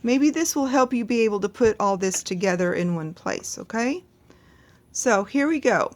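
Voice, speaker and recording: A woman's voice: a little high, lively intonation, normal speed. A woman teaching a language lesson, patiently explaining sentence patterns and translating each word. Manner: patient, reassuring, repeats words and translates them.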